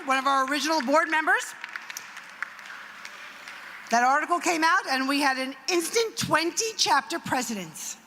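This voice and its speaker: A high-pitched, sharp-toned woman in middle age gives an event speech as a nonprofit founder, narrating a story with acted quotes and asides. The event hall sounds reverberant, and faint noise sits under the recording.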